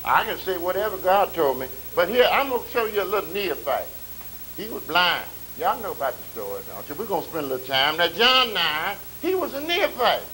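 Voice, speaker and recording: A male pastor preaching a sermon, drawing out scripture readings slowly and swelling loud, with colloquial asides and questions to the congregation. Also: high-pitched, big pitch swings, poor audio. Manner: colloquial, calls and responses to the congregation. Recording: faint tape hiss.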